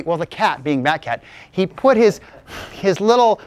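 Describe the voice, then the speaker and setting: A man's voice: sits high, sing-song, a little slow, clear, resonant tone, dry recording. A man telling a playful tall tale from his childhood to a live audience. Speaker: storyteller. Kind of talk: live spoken storytelling.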